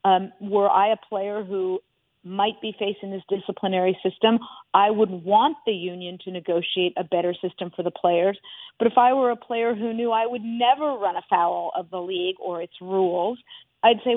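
Speaking by phone into a radio studio, a middle-aged guest analyst delivers her points at a moderate pace in a mid-range, fairly even voice with no room sound. The line is tinny, and she's emphatic, repeating words for stress during the talk show interview.

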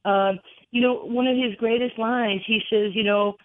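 A woman in her sixties from New York, a former basketball player telling animated stories as a guest, laughing often, heard over a phone line. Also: fairly high pitch, moderate pace, no echo. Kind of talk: storytelling interview over the phone. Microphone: telephone. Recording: tinny phone line, dry.

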